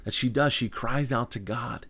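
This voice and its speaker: A man's voice: mid-range voice, normal speed, fairly bright tone. Earnest man teaching a Bible study. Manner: earnest, conversational, with rhetorical questions.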